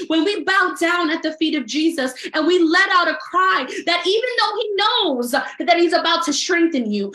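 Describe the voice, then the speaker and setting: A woman with a high voice delivers a sermon, earnest in tone. She builds emphasis by repeating phrases one after another. The room around her is echoey. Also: fairly bright tone. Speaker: preacher. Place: livestreamed service.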